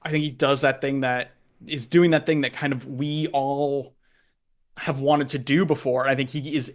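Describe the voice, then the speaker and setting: A man's voice: mid-range voice, flat delivery, moderate pace. A man co-hosting a sports podcast, talking in a loose, rambling way. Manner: rambling, full of likes and restarts. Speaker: podcast co-host. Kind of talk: casual sports chat.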